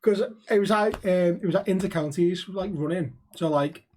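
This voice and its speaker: A man's voice: high voice, moderate pace, darkish tone, slight background noise. A man, co-hosting a podcast and telling sweary, laughing anecdotes in casual banter. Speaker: podcast co-host.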